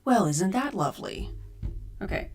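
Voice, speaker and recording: A woman's voice: mid-range voice, wildly swooping pitch, normal speed, vocal fry, a little mellow, faint music behind. A woman chatting casually with her viewers on a live stream from home, reading and answering chat and troubleshooting her audio. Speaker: cosplay streamer. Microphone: desk USB mic.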